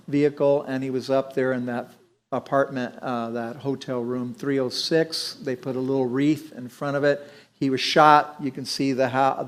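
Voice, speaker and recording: A middle-aged man teaching a Bible lesson in a conversational sermon style, often restarting his sentences. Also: medium pitch.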